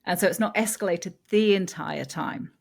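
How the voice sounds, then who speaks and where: A woman who co-hosts a podcast on baby sleep, explaining slowly and hesitantly with many filler sounds. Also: lowish voice, vocal fry. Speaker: infant sleep consultant co-host. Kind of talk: casual podcast chat.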